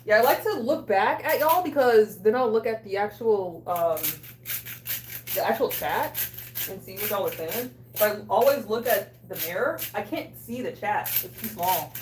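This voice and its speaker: A woman hosting a cooking livestream, chatting casually, loud, joking and swearing with her chat. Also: medium pitch, normal speed, slight background noise. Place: small bathroom. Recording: echoey room, a bit distant.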